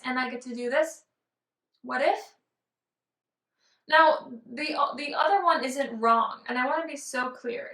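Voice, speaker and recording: A woman's voice: high voice, vocal fry, sharp tone, echoey room, far from the mic, low-quality recording. A woman vlogging casually to camera from a room at home, bubbly and exclamatory as a business coach. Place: room in a house. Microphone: camera on tripod.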